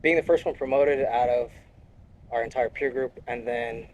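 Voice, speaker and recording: A man's voice: medium pitch, fairly even intonation, moderate pace, darkish tone, lo-fi sound, slight background noise. A young man, a Marine reservist, talking bluntly and profanely in a casual interview.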